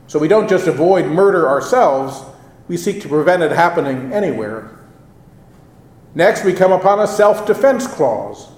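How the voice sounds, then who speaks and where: A male pastor delivering a sermon, measured and expressive, drawing out the quoted lines for emphasis. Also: fairly high pitch. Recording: roomy echo.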